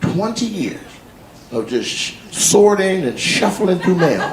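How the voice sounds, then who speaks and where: A man doing stand-up crowd work, teasing audience members with quick-fire questions. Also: high voice, animated. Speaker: stand-up comedian. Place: comedy club stage. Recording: echoey live venue with loud crowd laughter.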